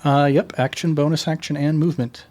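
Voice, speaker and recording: A man's voice: on the high side, little pitch movement, fairly quick, a little mellow. A man playing a tabletop game who works methodically through his turn and reads out the rules. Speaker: player.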